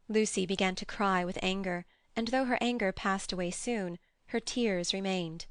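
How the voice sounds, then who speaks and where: A woman narrating an audiobook in a measured, even reading. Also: medium pitch, clean tone, dry recording, studio quality. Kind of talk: scripted narration.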